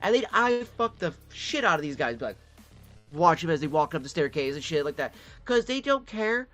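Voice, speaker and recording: A man's voice: a little high, very animated, normal speed, a bit bright, soft background music. A man from Detroit in a casual storytelling monologue, swearing freely and acting out the voices of the people he quotes. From Detroit, Michigan. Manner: profane, acts out quoted voices. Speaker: vlogger.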